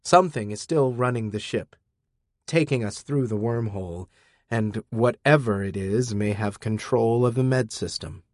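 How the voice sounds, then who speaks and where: A man narrating a first-person audiobook in a dry, deadpan manner. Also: mid-range voice, normal speed, no echo.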